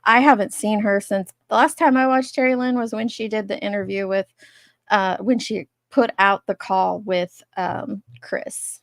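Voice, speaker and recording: A woman's voice: medium pitch, fairly even intonation, moderate pace, creaky, dry recording. A woman hosting a live stream discussion, thinking aloud in a rambling, casual way over a video call. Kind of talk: casual chat.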